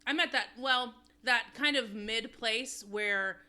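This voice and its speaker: A woman talking loosely on a podcast, rambling and laughing at herself as she confides. Her voice sits a little high and sounds bright and forward. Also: slow pace, clear, resonant tone. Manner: candid, rambling, self-deprecating. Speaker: podcast co-host. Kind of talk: casual chat.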